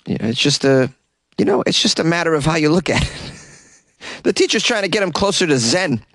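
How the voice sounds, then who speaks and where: A man's voice: on the high side, lively intonation, moderate pace, fairly bright tone, dry recording. A man hosting a comedy news podcast, reading stories and breaking in with sarcastic, mock-outraged jokes and frequent laughs. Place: small closet.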